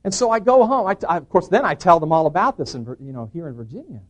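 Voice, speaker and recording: A middle-aged man with a slightly high voice tells his personal testimony to an audience. He talks like an earnest storyteller and acts out the voices of the people in his story. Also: lively intonation, quick pace. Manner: earnest storyteller who acts out the dialogue he quotes. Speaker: preacher giving a personal testimony.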